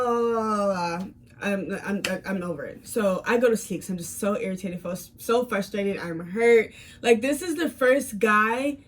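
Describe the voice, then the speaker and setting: Animated young woman telling a storytime. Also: fairly high pitch. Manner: animated retelling, swinging from calm to heated; frequent fillers and repeated words. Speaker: fitness vlogger. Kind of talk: casual storytime vlog.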